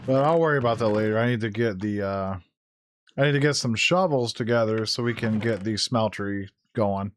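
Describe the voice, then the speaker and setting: A man's voice: on the low side, brisk, a little hiss or hum. A man casually talking through a live game stream, chatty and laughing often, easily startled. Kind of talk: casual gameplay commentary.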